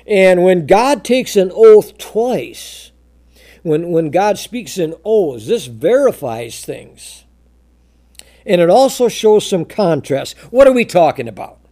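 A male preacher with a high, mellow voice that swings widely in pitch. He talks slowly, stretching out scripture quotes for emphasis. He often repeats himself and restarts mid-sentence as he explains a verse. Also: very animated. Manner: emphatic, slow, drawn-out quoting of scripture. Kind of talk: verse-by-verse Bible sermon.

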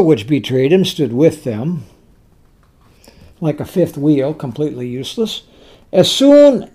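A man preaching a sermon, slow and emphatic, repeating words for stress. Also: high voice, mellow.

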